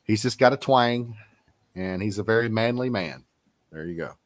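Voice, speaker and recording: Low-pitched male podcast host, easygoing and emphatic. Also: animated, moderate pace. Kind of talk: casual chat.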